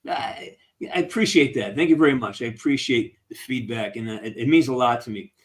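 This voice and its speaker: A man's voice: mid-range voice, quick pace. Upbeat man chatting with fans on a call. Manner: upbeat, encouraging, rambling. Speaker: actor hosting a fan Q&A. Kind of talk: casual live-stream chat.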